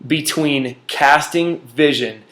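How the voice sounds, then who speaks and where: Young male business coach, earnest and emphatic, slightly high voice. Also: takes it slowly, a bit bright. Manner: earnest, emphatic, speaks straight to viewers. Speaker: business trainer. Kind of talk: motivational teaching talk.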